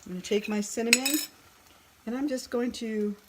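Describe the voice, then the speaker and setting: A woman's voice: on the high side, steady tone, normal speed, noisy background. A woman in her fifties hosting a casual home cooking demonstration, chatty, thinking aloud as she works and joking at her own expense. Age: 50s. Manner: chatty, thinks aloud, jokes and laughs at herself. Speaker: cooking vlog host. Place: home kitchen. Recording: sizzling pan and clattering dishes behind.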